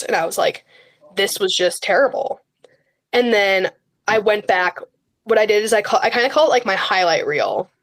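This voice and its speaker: A teenage girl chats as a podcast guest, with a voice of ordinary pitch for a woman. She peppers her talk with fillers and acts out what she says to her teammates. The delivery is loose and conversational. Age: high school teen. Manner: chatty, frequent fillers and quoted self-talk. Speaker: guest, high school runner. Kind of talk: casual conversational interview.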